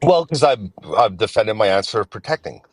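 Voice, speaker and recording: A man in his forties calling in to a live-stream debate, talking in halting restarts and repeating himself. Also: lowish voice, animated, husky. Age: 40s. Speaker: guest caller.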